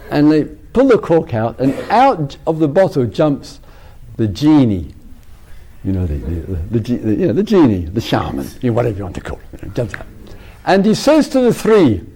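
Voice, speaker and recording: A man's voice: mid-range voice, warm tone, slightly rough. A man giving a casual spiritual talk, rambling with frequent restarts and laughter. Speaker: spiritual teacher.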